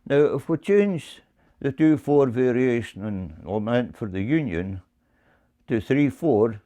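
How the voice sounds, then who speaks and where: A man teaching bagpipe music, explaining in a measured way and often repeating words as he goes. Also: medium pitch, expressive, mellow. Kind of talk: explaining to camera.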